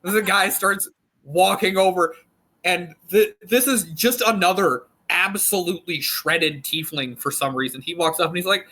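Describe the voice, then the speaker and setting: A man's voice: high-pitched, normal speed, bright, forceful tone, low-quality recording. A man narrating a tabletop game as game master, in a loose, joking way with frequent laughs.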